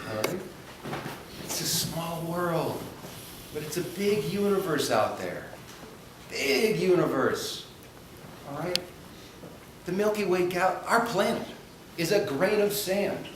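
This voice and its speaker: Male speaker in his thirties giving a chatty chapel talk to a class, recorded from far off in a roomy hall with background noise. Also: a little high. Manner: conversational, checks in with frequent "all right?" and "okay?". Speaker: speaker addressing students. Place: school chapel. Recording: echoey hall, distant mic, background noise.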